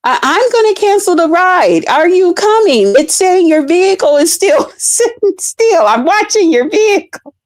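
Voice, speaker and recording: A woman's voice: very high-pitched, sing-song, normal speed, pitched above the performer's own voice. A woman voicing an impatient young woman passenger who is anxious and pushy about getting to her appointment.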